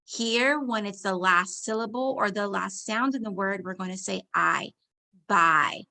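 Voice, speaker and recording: A woman teacher, slowly leading young children through a phonics lesson, sounding out words and giving warm encouragement. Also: mid-range voice, vocal fry.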